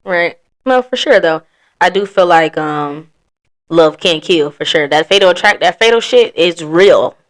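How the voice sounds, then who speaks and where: A woman's voice: lowish voice, lively intonation, unhurried. A woman hosting a podcast, telling her story in blunt, profane casual chat. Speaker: podcast host.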